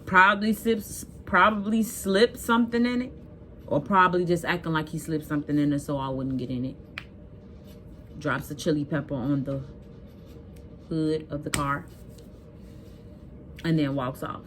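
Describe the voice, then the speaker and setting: Mother on camera, low-pitched, scolding and emphatic, talks straight to viewers. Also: moderate pace, long pauses, noisy background. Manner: animated, emphatic, addresses viewers directly; blunt and scolding. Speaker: vlogger telling a personal story. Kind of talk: casual storytelling to viewers.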